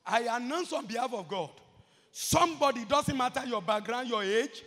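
A man preaching a sermon as pastor, moving from murmured asides to shouted, repeated chants. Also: extremely high pitch, expressive, moderate pace. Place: large church hall. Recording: reverberant church hall.

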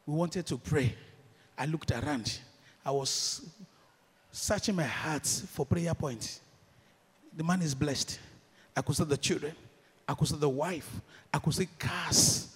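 Nigerian male preacher, slightly high and husky, impassioned sermon delivery, long hall reverb. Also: a little slow, pauses often. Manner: impassioned, swings from shouted declarations to hushed storytelling. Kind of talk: sermon with storytelling.

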